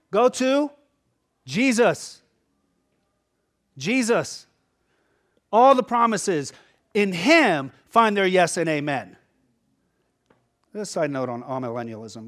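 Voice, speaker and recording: A man delivers a sermon from the pulpit in a high-pitched voice. He moves between hushed, reflective asides and sudden loud bursts of emphasis, often pausing to ask "right?" as he works through his points. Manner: preaching with sudden surges and drops in volume; tags points with a questioning "right?". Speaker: pastor.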